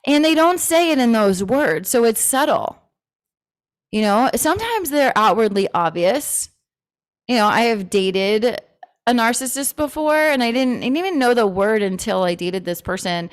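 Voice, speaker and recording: A woman's voice: a little high, animated, unhurried. A woman hosting a casual talk on personal growth, candid, swearing freely and laughing often. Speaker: host.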